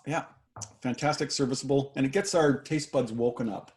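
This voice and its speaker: A man's voice: mid-range voice, moderate pace, a little mellow. A man hosting a casual chat, easygoing and enthusiastic as he pours and talks about the drinks. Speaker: host.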